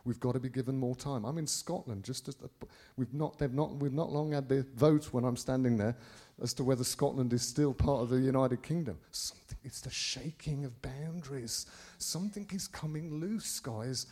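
A middle-aged Englishman telling a story to his congregation as a preacher. He rambles and restarts often, dropping to a near-mumble and then surging loud without warning. His voice sits in an ordinary middle pitch for a man. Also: moderate pace, few pauses. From England. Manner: rambling, with many restarts and swings in loudness.

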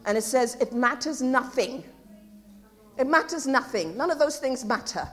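A woman preaching a sermon, moving from quiet, musing reflection to loud, impassioned declarations. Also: sits high, animated, normal speed.

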